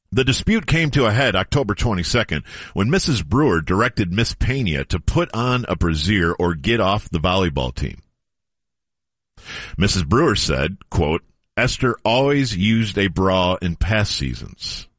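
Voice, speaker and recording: A man's voice: sits low, fairly bright tone, no echo, studio quality. A middle-aged man hosting a casual radio show, reading an old news story aloud with playful drama.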